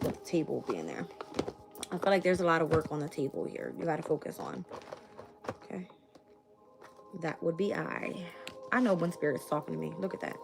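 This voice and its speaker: A young adult woman, reading tarot on a live stream, blunt and swearing casually. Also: fairly low pitch. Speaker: tarot reader.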